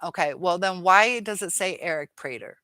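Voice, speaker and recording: A woman's voice: lowish voice, lively intonation, normal speed, sharp tone, dry recording. A woman hosting a live chat, reading viewer comments aloud and answering them frankly, with exasperation.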